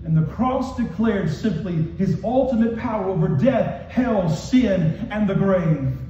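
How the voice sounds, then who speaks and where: A man's voice: high voice, expressive, unhurried, dark tone, a little hiss or hum. A man preaching a passionate sermon as pastor, calling out to the congregation as he goes. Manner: impassioned preaching with call-and-response. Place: church hall with congregation. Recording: echoey, distant, muffled hall recording.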